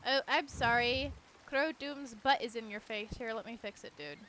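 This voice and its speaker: A woman's voice: a little high, moderate pace, pushed and bright, slight background noise. A woman streaming a horse-riding video game, rambling casually with lots of "like" fillers. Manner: rambling and chatty, many "like" fillers. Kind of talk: casual gameplay commentary.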